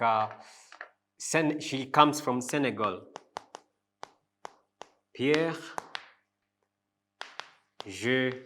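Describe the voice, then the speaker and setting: A man teaching a French lesson, repeating each phrase slowly and spelling out the pronunciation. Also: medium pitch, fairly bright tone. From Africa. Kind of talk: language lesson.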